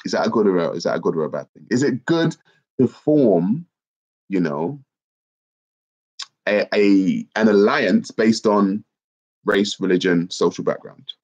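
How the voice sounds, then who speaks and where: Lively congested man, lo-fi. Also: fairly low pitch, measured pace, long pauses. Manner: reads viewer comments aloud, lively and chatty. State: congested, bunged up. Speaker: livestream host. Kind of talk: casual livestream chat. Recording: dull lo-fi stream audio.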